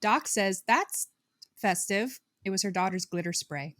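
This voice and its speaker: A woman co-hosting a podcast in casual chat, reading out listener posts in a dry, low-key way. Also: animated, a little slow, fairly bright tone. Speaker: podcast co-host.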